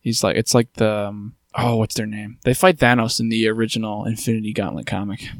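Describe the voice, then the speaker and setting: A man co-hosting a podcast in casual chat, relaxed and wry as he trades jokes. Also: lowish voice, fairly quick, no echo. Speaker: podcast co-host.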